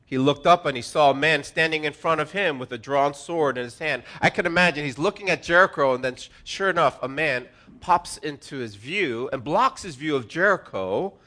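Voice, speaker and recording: A pastor preaching to his congregation, his somewhat high voice bright and forceful. He is earnest and preacherly, dropping to a hush, then rising to emphatic stress. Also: moderate pace. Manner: swings from hushed to emphatic. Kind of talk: sermon.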